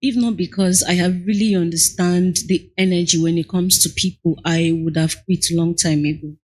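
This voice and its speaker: A woman with a Nigerian accent speaks in a husky, slightly breathy voice that sits on the lower side. She talks earnestly and candidly in a relaxed interview. She is a young adult. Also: normal speed. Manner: candid and earnest, acts out clients' lines. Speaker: guest entrepreneur. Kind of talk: conversational interview.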